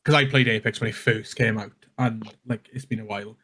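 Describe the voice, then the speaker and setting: A man's voice: lowish voice, steady tone, brisk, fairly bright tone. Rambling, swearing man on a podcast. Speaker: podcast co-host. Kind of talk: casual chat.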